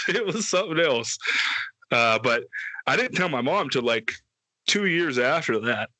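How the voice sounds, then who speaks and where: In an unhurried, fairly high-pitched voice with no echo, a podcast co-host relates a wild story. He swears freely and gets animated, raising his voice to act out what people said.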